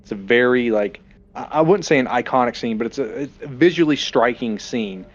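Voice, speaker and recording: A man's voice: mid-range voice, animated, a little fast, highs cut off. A man co-hosting a podcast, chatting casually and crudely about a movie and acting out lines. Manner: joking, crude, quotes scenes in put-on voices. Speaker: podcast co-host.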